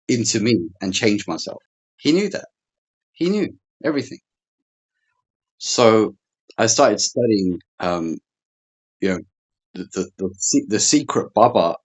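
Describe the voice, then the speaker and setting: Deep-voiced man telling a story. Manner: animated, repeats words, quotes people in bursts. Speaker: guest, relationships coach. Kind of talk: storytelling interview talk.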